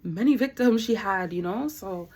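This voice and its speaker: A young woman vlogger telling a workplace story in a casual, animated, slangy way with a lot of laughing. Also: mid-range voice, moderate pace, husky, poor audio.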